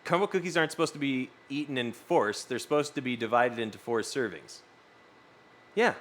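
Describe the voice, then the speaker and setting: This streamer from the US West Coast has a mid-range voice and normal speed. He casually chats with viewers and reads their messages, cursing freely as he rambles through lively stories.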